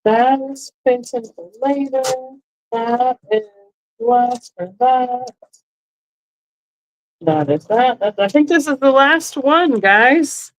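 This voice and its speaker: A woman's voice: a little high, animated, takes it slowly, long pauses, poor audio. A woman hosting a live online sale, chatting casually and thinking aloud as she describes each item, often correcting herself. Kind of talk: casual live-stream selling. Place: indoors, seated in a chair.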